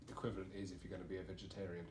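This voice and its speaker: A man's voice: sits low, little pitch movement, racing, a little mellow. Man in his twenties, joking podcast banter. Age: 20s. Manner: playful, jumps into silly bits and banter. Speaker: podcast co-host. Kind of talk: casual comedic chat. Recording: roomy echo with faint noise.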